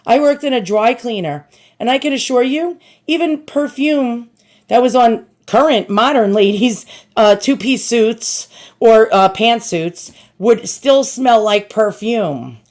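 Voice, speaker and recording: A woman's voice: fairly high pitch, takes it slowly, a little mellow. A woman with a New York accent hosting a casual show-and-tell vlog, chatty and self-deprecating, addressing her viewers directly. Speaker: antiques collector and channel host.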